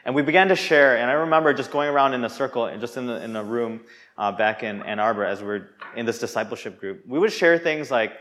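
A man's voice: medium pitch, quick pace, a bit bright. A young man preaching a sermon in an earnest, conversational way, often restarting his sentences.

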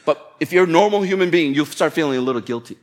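Man, pastor, sermon, chatty and playful, slightly high voice. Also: expressive, fast. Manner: conversational, playful preaching with acted-out inner voices.

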